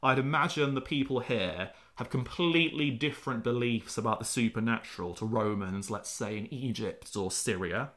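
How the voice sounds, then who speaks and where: Guesting on a podcast, this male historian tells his stories with animation and performs the quotes within them in a casual conversational style. His voice sits at medium pitch, at a moderate pace with few pauses.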